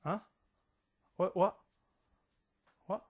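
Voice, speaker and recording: A man's voice: very slow, muffled recording. A man talking in a rambling, casual monologue, full of fillers and digressions. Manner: chatty, digressive, many fillers.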